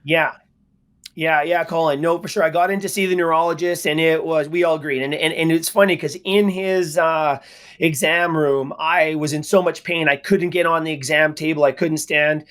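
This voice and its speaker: Speaking at a normal speed, a middle-aged man from Canada gives interview answers in a high, fairly bright voice with fairly even intonation. As a guest, he earnestly relates his story and repeats words to stress his points.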